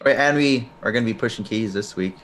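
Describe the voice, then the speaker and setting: A man chatting on a casual gaming podcast, relaxed and laughing often. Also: lowish voice, quick pace. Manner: laid-back, laughs often. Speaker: podcast co-host.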